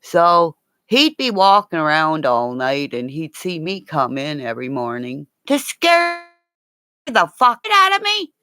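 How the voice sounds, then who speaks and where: A woman's voice: sits low, very animated, a little slow, pushed and bright. A woman in a rambling, profane casual chat, talking to her pets between asides. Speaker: vlogger.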